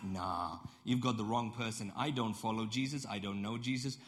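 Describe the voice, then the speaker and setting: Guy doing a scared man blurting denials, high, rushed, defensive. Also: noisy background, natural voice. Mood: panicky denial. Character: frightened grown man denying his friend.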